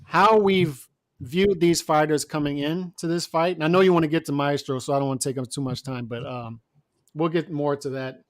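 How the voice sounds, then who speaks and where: A man speaks in a measured, slightly hesitant way in casual chat. His voice sits a touch high, and the sound is dry and close. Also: steady tone, no room sound.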